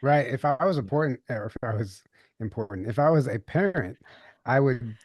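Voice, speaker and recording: Male podcast host, mid pitch, easygoing affirming chatter with restarts, dry close mic. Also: lively intonation, normal speed, no room sound. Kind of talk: casual interview chat.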